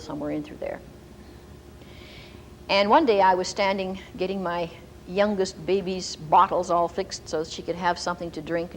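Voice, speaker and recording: A woman Bible teacher giving a storytelling sermon in an animated way and laughing often. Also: lowish voice, a little hiss or hum, low-quality recording.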